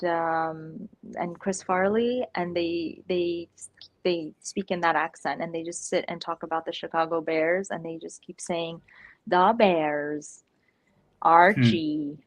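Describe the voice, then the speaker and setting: A woman's voice: fairly low pitch, no room sound. A woman chatting casually on a livestream, rambling with lots of "like", laughing often and slipping into playful impersonations. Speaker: stream guest. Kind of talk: casual chat.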